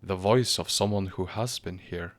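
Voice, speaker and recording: A man voicing a calm, gently stubborn male priest in a storybook reading. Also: deep voice, normal speed, no echo, natural voice. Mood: gentle, firm. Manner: gentle obstinacy.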